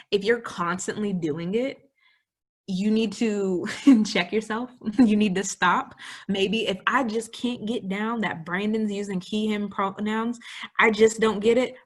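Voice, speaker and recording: Lively young woman chatting casually. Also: medium pitch, slightly rough. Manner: lively, laughing, acts out little scenes. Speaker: co-host. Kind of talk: casual educational discussion.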